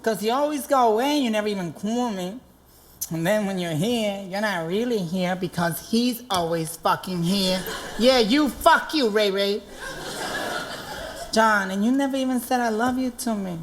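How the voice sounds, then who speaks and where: A man's voice: sits high, normal speed, slight background noise, lightly acted. A man voicing a bitter, fed-up Latina wife, scolding her husband on stage.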